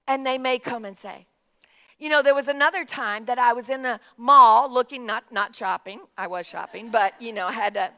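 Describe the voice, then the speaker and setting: A woman pastor preaching a sermon, shifting between emphatic declarations and quiet storytelling. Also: on the high side.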